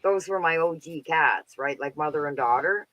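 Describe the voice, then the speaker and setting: A man's voice: fairly high pitch, moderate pace, bright, forceful tone, no room sound, rough recording. A Canadian man in his fifties chatting casually as a caller, rambling with plenty of filler words. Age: 50s. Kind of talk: casual chat.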